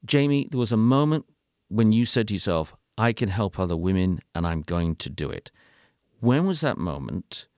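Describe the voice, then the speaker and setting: Man, host, gravelly voice, lively pitch, dry close sound. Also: moderate pace, no room sound. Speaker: interviewer host. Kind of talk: interview questions.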